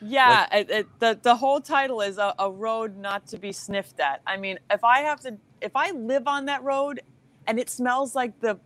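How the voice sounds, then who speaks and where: A woman comedian chatting as a podcast guest, giggly and rambling, telling stories in an animated way. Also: a little high, normal speed, dry recording. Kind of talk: casual podcast chat.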